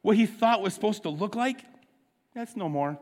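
A man preaching a sermon as pastor, impassioned, swinging from hushed to loud. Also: sits high, expressive, moderate pace. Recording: long reverb of a large hall.

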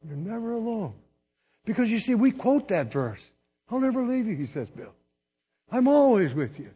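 A man's voice: extremely high pitch, very animated, normal speed, dark tone, slightly rough, highs cut off. An older man, a missionary preacher, telling a story in a folksy, rambling sermon with restarts and chuckles.

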